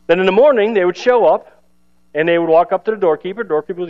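A man's voice: sits high, fast, lo-fi sound. A man pastor giving a sermon in a conversational, self-deprecating way, with playful asides. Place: church service.

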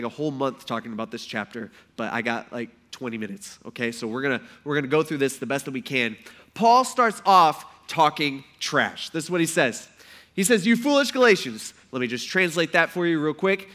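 A man preaching a sermon in a casual, animated way, acting out quotes loudly before a congregation. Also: a little high. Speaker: pastor. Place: church hall before a congregation.

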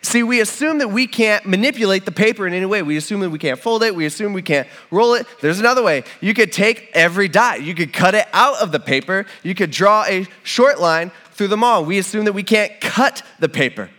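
A man's voice: high voice, expressive, brisk, few pauses, pushed and bright. A man giving an informal, conversational sermon with frequent restarts and acted-out quotes of the people in the story.

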